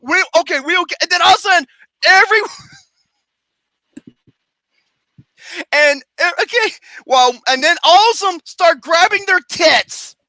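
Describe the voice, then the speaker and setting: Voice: very high voice, lively intonation, slow, pauses often, sharp tone, no echo. A film reviewer ranting profanely and acting out scenes with mock wails and singing.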